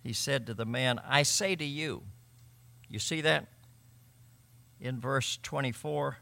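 Gravelly, bright-voiced preaching man. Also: mid-range voice, unhurried, pauses often. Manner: emphatic, swings between loud and quiet, repeats words. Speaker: pastor. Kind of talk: sermon.

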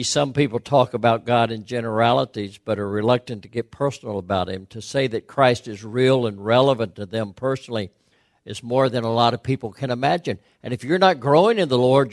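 A man's voice: mid-range voice, no room sound, studio quality. A middle-aged man preaching a sermon as a pastor, questioning his listeners earnestly and building to emphatic peaks.

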